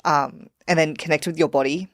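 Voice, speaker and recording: A woman's voice: sits low, fairly even intonation, brisk, no echo, clean studio sound. A woman guest on a podcast, chatting candidly and laughing at herself. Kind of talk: casual podcast chat.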